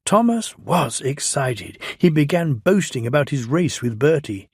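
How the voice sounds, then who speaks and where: A man with a British accent reading a children's storybook aloud in a gentle, measured way. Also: fairly high pitch, very animated, husky, no room sound, studio quality.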